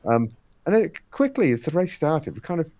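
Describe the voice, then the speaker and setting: A man's voice: on the high side, big pitch swings, brisk, a little mellow, no echo. A man being interviewed on a podcast, explaining at length with many fillers and quoted exchanges. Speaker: guest, head of a fitness race series.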